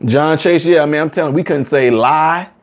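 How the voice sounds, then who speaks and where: A man with a fairly high voice hosts a casual live chat, answering viewers in an animated way. He slips into higher voices to act out what others say, and the sound is dull and lo-fi. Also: brisk. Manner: animated, acts out quotes in higher voices, laughs often.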